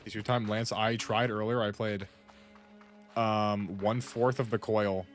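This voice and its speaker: Over soft background music, a gaming streamer with a fairly low pitch talks in a flat, unhurried way. His casual in-game chat wanders as he muses to friends, heavy on "like."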